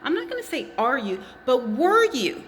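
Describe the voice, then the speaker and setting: A woman's voice: sits high, sing-song, normal speed, long reverb tail, slight background noise. A woman talking straight to the camera in an impassioned monologue, with emphatic, accusatory phrasing and pointed repetition. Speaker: vlogger.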